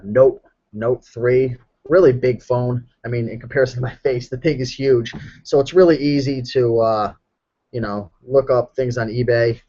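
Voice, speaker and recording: A relaxed, chatty man talks through a casual live stream, his mid-pitched voice slightly hoarse. He rambles easily with plenty of ums and you-knows. The audio is dull and lo-fi. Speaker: clothing reseller answering live chat.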